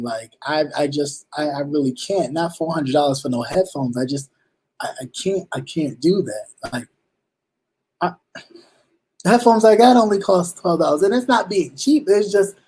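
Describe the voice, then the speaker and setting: A man hosting a talk show in casual commentary, slangy and animated, acting out little exchanges, with halting restarts. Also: sits high, slightly rough. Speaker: show host.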